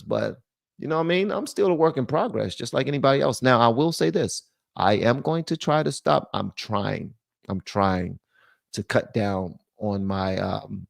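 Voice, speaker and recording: Man, livestream host, gravelly voice, dry close mic, animated rants and low asides. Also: no echo. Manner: animated, switches between loud rants and low muttering. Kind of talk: casual political commentary livestream.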